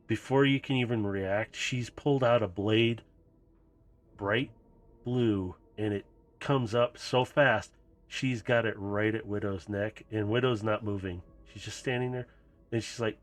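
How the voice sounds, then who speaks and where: A man's voice: on the low side, fairly even intonation, unhurried, faint music behind. A man running a tabletop game as game master, narrating loosely and casually.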